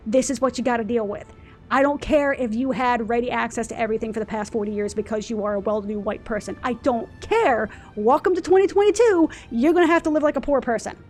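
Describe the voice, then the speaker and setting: A woman ranting in casual chat over gameplay, exasperated, quick to swear and act out customers. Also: fairly high pitch, a little mellow. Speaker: let's play host.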